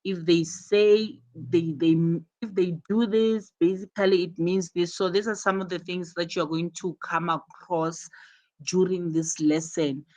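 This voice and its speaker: Slow, low-voiced woman teaching online. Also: fairly even intonation, darkish tone. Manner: patient, explains through repeated examples. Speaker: English teacher. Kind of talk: live online class teaching.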